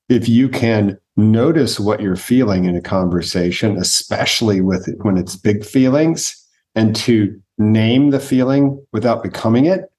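A man who works as a coach for physicians, explaining ideas in a measured, conversational way. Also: fairly low pitch, darkish tone. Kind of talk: podcast conversation.

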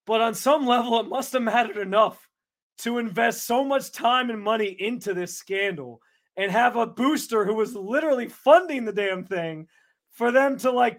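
A man co-hosting a sports podcast, talking in an animated, blunt way and swearing freely in casual debate. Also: very high voice.

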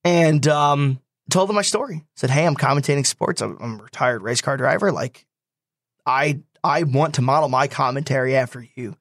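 A young man telling a personal story in casual talk, animated and quick to quote others. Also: mid-range voice, no echo, clean studio sound.

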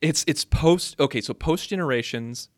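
A man's voice: on the high side, moderate pace, no room sound, clean studio sound. A man co-hosting a podcast, brainstorming in casual chat and restarting his sentences as he thinks aloud. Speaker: podcast co-host.

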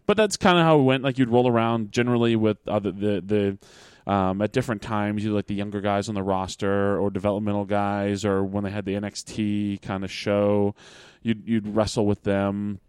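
A man's voice: lowish voice, steady tone, normal speed, hardly any pauses, darkish tone, clear, resonant tone, dry recording, clean studio sound. A man talking casually about his wrestling days, rambling with many fillers and restarts. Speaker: podcast host, wrestler. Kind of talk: casual chat.

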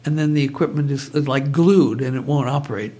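Husky, digressive male storyteller. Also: mid-range voice, fairly quick, warm tone. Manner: digressive, goes off on tangents. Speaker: guest, brainwave trainer. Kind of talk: conversational storytelling.

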